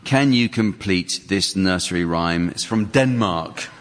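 Comedy quiz host, male, lowish voice, deadpan readings, live hall with audience murmur. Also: unhurried. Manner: dry, mock-serious delivery, chuckles at his own jokes. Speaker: panel game host. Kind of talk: comedy quiz hosting, reading rhymes aloud. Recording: audience hall recording, crowd noise.

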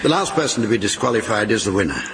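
A man's voice: lowish voice, lively intonation, very fast. A man chairing a comic panel game in front of a live theatre audience, announcing rounds in a dry, mock-formal manner. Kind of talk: comic quiz hosting. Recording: live theatre recording, loud audience noise.

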